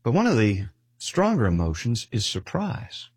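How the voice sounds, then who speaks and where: An older man giving an earnest sermon and slowing down to stress key phrases. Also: mid-range voice, wildly swooping pitch, darkish tone, husky, dry recording. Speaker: preacher.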